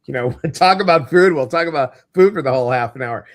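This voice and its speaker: A man's voice: fairly high pitch, quick pace. Middle aged guy hosting a live stream, chatty and jokey, says hi to folks by name. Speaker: host. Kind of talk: casual live-stream chat.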